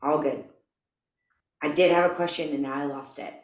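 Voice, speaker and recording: Woman podcast host, low voice, conversational, roomy sound. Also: fairly even intonation, moderate pace. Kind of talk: casual podcast interview. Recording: roomy echo.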